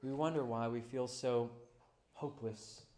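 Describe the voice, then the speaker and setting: A pastor preaching a sermon, moving between quiet, low passages and loud, high-pitched climaxes. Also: male voice, steady tone, measured pace, echoey room.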